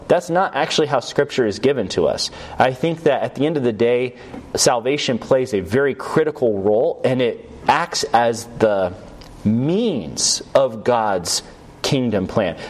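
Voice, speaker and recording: A man teaching a recorded Bible lesson in a conversational way, often checking in with "right?" and "yes?" and restarting his sentences as he goes. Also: on the low side. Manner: loose, with restarts and fillers.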